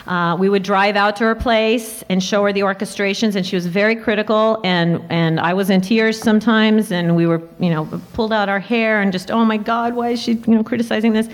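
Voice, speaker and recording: A female composer speaking on a panel, chatty and quick to chime in. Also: medium pitch, fairly even intonation, in a large hall. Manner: chatty, interjecting. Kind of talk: panel talk.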